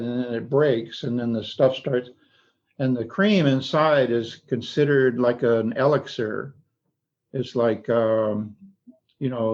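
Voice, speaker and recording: Brief: male Zen teacher, mid-pitched, meandering explanations, dull lo-fi audio. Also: a little mellow. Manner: slow, meandering guided explanation. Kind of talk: casual group discussion.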